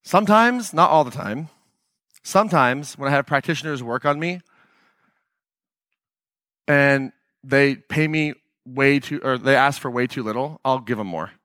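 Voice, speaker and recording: A man's voice: medium pitch, unhurried, long pauses, sharp tone, no echo, clean studio sound. A man hosting his own podcast, talking casually in a blunt, emphatic, swearing manner. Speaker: podcast host. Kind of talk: casual solo podcast monologue.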